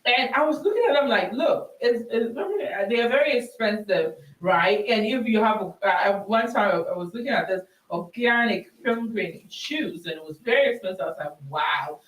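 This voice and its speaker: A woman host, teaching on scripture in a chatty way and reading verses slowly with emphasis, laughing often. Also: medium pitch, expressive. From Ghana. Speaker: host of a Christian women's show. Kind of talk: teaching on scripture for a live audience. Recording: roomy sound from a distant mic.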